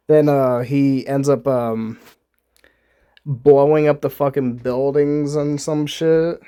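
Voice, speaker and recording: A man's voice: mid-range voice, darkish tone, clean tone. A young man giving casual, rambling commentary on a movie, swearing freely, laughing often and restarting his sentences.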